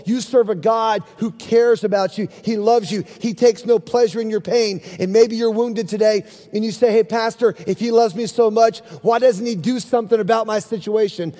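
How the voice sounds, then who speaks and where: A man's voice: sits high, warm tone. A middle-aged man, a pastor, preaching an earnest, emphatic sermon and calling out to his congregation. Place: church sanctuary. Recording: long hall reverb.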